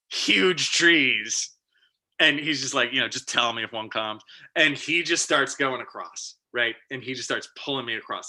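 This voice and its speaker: Brief: middle-aged male presenter, very bright voice, lively and emotional storyteller. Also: mid-range voice. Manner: animated, emotional storyteller with vivid sound effects. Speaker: guest speaker.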